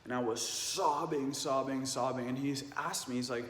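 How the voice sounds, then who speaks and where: A man's voice: medium pitch, fairly even intonation, normal speed, hardly any pauses, a bit bright, a little hiss or hum. A young adult man telling a personal story earnestly and emotionally, with lots of "like" fillers. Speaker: vlogger. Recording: echoey room with long reverb, faint ambience.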